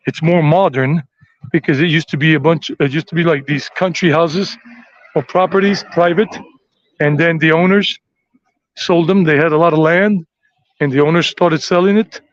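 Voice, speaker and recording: A man's voice: a little high, no room sound, lo-fi sound. An American man giving a rambling, chatty walking tour outdoors on city streets. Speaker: tour vlogger.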